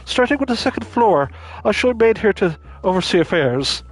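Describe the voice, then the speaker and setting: A man's voice: high voice, very animated, a little fast, breathy edge, faint music behind, voice pushed up, heavily acted. A man reading the lines of a worried, formal masquerade host in a game. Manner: formal, pleading delivery. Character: polite, fretful male masquerade host.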